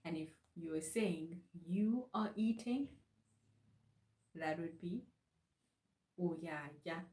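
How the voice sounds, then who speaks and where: Lady teaching a language lesson, slow and patient, repeats stuff, lowish voice, echoey room. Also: dark tone.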